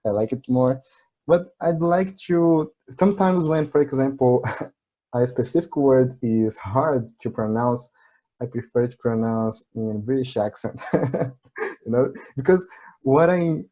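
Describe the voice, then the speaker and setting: Mellow Brazilian man, friendly learner. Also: mid-range voice, unhurried, low-quality recording. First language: Portuguese. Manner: friendly, laughs often, hesitant restarts. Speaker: channel host, English learner. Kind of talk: casual conversation.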